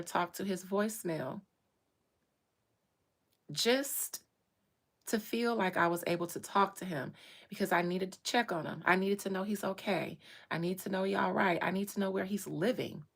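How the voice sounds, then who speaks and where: A woman tells her own life story with strong feeling, repeating phrases for emphasis. Her medium-pitched voice is gravelly and fairly bright, moving at normal speed.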